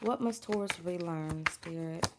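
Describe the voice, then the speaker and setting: A woman's voice: lowish voice, a little slow, very noisy. A woman doing a casual live tarot reading, talking in a loose, rambling way with heavy cursing and lots of repetition, stopping to greet her chat. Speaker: tarot reader.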